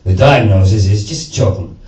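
A man's voice: fairly low pitch, normal speed. A man doing a rambling, profane stand-up set with lots of stammered restarts, in a small performance space. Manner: rambling, profane, self-interrupting. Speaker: stand-up comedian. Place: small performance space before a live audience. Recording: roomy live sound from a distant mic with crowd laughter.

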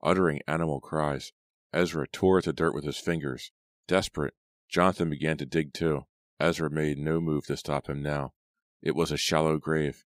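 Deep-voiced male reader for a horror audiobook, measured and dramatic, close and dry. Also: steady tone, dry recording. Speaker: audiobook narrator. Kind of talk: scripted narration.

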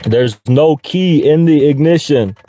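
A young man ranting on a livestream, profane and rambling, stuttering and repeating himself, sometimes breaking into high-pitched shouts. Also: measured pace. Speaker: livestream host. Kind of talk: casual livestream rant.

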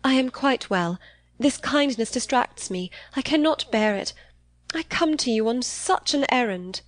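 A woman's voice: fairly high pitch, lively intonation, unhurried, no room sound, voice pushed up. A woman voicing a distressed, pleading young lady. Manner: breathless, pleading. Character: agitated pale young noblewoman, distressed.

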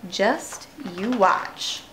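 A woman voicing a small, clever male kitten in a storybook, speaking calmly and with gentle confidence. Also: medium pitch, drawn-out words, a little hiss or hum. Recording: roomy echo.

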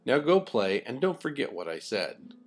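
A man doing a gentle protective father ram. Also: mid-range voice, sing-song, moderate pace. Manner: gentle, advising.

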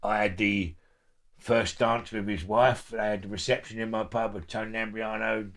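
A man's voice: on the low side, level tone, normal speed, fairly bright tone. A middle-aged man with a London accent telling stories casually, swearing heavily and laughing often. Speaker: guest. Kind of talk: casual storytelling.

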